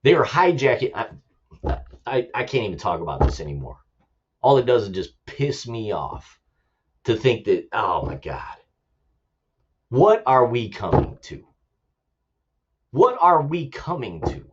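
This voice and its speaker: A man's voice: medium pitch, sing-song, unhurried, pauses often, slightly rough, muffled recording. A man hosting his own show, ranting about politics in an impassioned, repetitive way and swearing for emphasis. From United States. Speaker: show host, army veteran.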